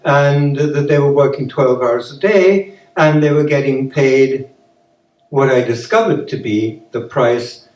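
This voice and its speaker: An older British man, an activist musician, talks with the audience between verses and leads a joking sing-along at a live concert in a concert hall. His mid-range, darkish voice moves at a measured pace with a British English accent, captured by a distant mic in a roomy live recording with guitar.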